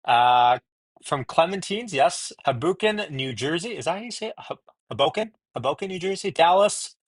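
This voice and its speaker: A man's voice: on the high side, animated, moderate pace, breathy edge, no room sound. A man hosting a casual live stream from home, chatting and greeting viewers by name as they join, talking into wireless earbuds.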